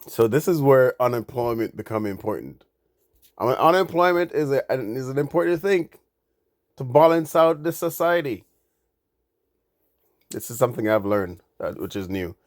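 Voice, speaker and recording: A man commenting on the news. He reads news out, then reacts indignantly, stumbling into restarts and rising in pitch and volume when he gets angry. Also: expressive, normal speed, long pauses, dry recording, clean studio sound. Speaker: crypto commentator.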